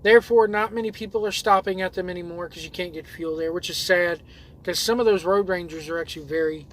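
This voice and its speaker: A man's voice: high voice, fast, a little hiss or hum. A man who drives trucks and hosts his own videos, reading viewer comments aloud in a loose, rambling way with lots of fillers and restarts.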